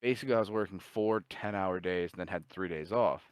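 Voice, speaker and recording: Low-voiced man telling animated stories. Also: fairly quick, clean tone, no echo. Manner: animated, profane, swearing often. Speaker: podcast co-host and storyteller. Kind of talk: casual chat, storytelling.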